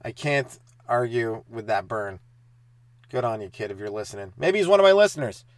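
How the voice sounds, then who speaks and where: Animated man telling comic stories. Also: moderate pace, no echo. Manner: animated, acts out kids' taunts with sudden loud high bursts. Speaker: stand-up comedian podcast host. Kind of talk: comic storytelling monologue.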